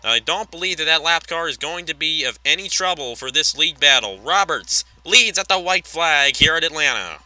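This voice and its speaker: A man calling a race play-by-play, quick and chatty, often correcting himself mid-sentence and wandering into offhand asides. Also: a little high, animated, sharp tone, low-quality recording. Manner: rapid call with self-corrections and chatty asides. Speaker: race commentator.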